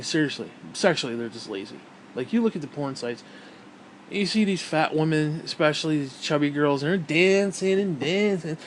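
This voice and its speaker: A man delivers a profane, bitter rant, stumbling over restarts as he goes. His voice sits a little high and swings widely in pitch. A faint background hiss runs under the recording. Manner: crude, bitter, rambling with restarts. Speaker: vlog host.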